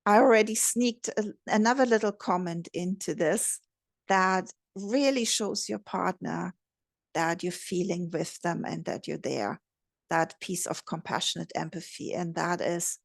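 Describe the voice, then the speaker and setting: A woman relationship coach giving a gentle, measured instructional talk. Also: fairly low pitch, gravelly, no echo, clean studio sound. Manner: gentle, measured, modelling empathetic phrases.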